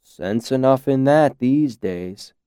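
A man's voice: medium pitch, sing-song, a little fast, warm tone, no room sound, studio quality, natural voice. A man voicing a jovial male villager at an inn bar who teases the innkeeper. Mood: hearty. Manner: hearty, chuckling.

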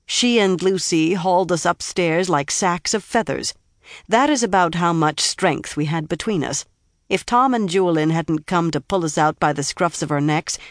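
A woman's voice: fairly low pitch, no echo, natural voice. A woman reading an audiobook voicing a proud young village healer who turns flustered and defensive, in a dry recording.

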